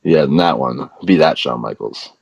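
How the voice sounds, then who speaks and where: A man's voice: rumbling low, normal speed, gravelly, husky. A man, a wrestler guest, telling long rambling stories full of "like" in a casual interview. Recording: slightly muffled dry audio.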